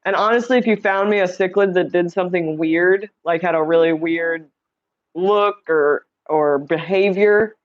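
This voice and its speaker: The speaker is a chatty livestream host from Indiana whose voice sits on the low side and moves at a measured pace. She reads viewer comments aloud and greets people by name in casual chat, recorded with lo-fi sound on a streaming setup mic.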